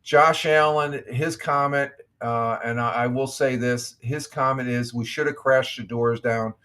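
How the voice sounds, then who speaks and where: A man's voice: medium pitch, steady tone, a little slow, a bit bright. Rambling middle-aged male livestream host. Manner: rambling, friendly, reads chat aloud, frequent restarts. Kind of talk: casual morning livestream chat.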